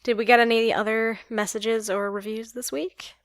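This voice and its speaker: A woman's voice: a little high, normal speed, no echo. Brief: female podcast co-host, easygoing and laughing, dry close mic. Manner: laughs easily, relaxed and friendly. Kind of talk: casual chat.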